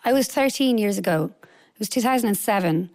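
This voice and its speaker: A woman's voice: medium pitch, lively intonation, brisk. An Irish woman musician, a guest chatting easily and telling stories about her life. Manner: chatty, warm storytelling with laughs. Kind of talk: casual interview chat.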